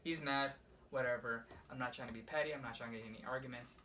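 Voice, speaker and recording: A young man casually rambling through a personal ghost story for his vlog, swearing often and filling every pause with "like". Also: medium pitch, steady tone. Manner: rambling, profane, heavy use of "like". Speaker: vlogger. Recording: slightly distant mic with faint room noise.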